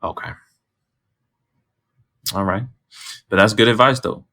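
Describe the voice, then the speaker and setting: A man co-hosting a podcast, running segments in a playful, lively way. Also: fairly low pitch, slow pace. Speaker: podcast co-host. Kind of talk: casual chat.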